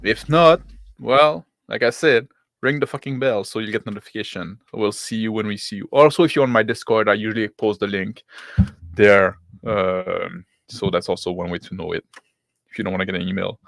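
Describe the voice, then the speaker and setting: A man's voice: on the low side, moderate pace, creaky, a bit bright, no echo. A man with a non-native English accent hosting a stream, talking loosely with laughs and swearing. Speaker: stream host. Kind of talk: casual stream chat.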